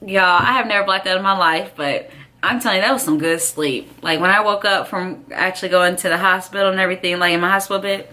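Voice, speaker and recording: A young woman vlogging, telling a personal story in an animated, chatty way and often checking in with her viewers. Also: sits low. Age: young adult.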